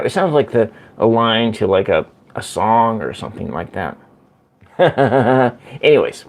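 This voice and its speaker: A man hosting a casual livestream from home, chatting slowly and rambling as he answers viewer comments. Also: on the low side, sing-song. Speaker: livestream host. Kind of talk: casual live-stream chat with viewers. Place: at home by a window.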